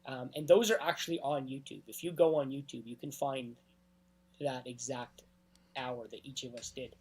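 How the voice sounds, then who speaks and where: A man as a DJ guest in a casual interview, telling anecdotes at length and often clearing his throat. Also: mid-range voice, fairly even intonation, moderate pace, darkish tone, slight background noise.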